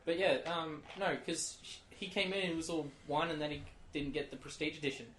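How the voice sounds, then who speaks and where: A man's voice: fairly high pitch, fairly quick. Young man, echoey casual podcast. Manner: animated storytelling, acts out shop clerks in quotes. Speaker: podcast co-host. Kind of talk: casual chat. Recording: echoey room with faint noise.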